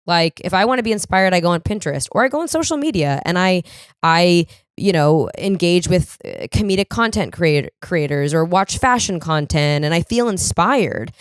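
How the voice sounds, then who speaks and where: A woman's voice: fairly low pitch, lively intonation, normal speed, clean tone, dry recording, clean studio sound. A young woman hosting a solo podcast, ranting with lots of swearing and self-deprecating humor. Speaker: podcast host. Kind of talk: solo comedic podcast monologue.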